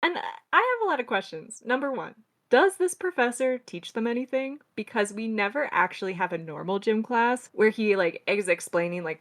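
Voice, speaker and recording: A woman co-hosting a podcast, analyzing a book in casual, animated chat. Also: fairly high pitch, moderate pace, few pauses. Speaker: podcast co-host.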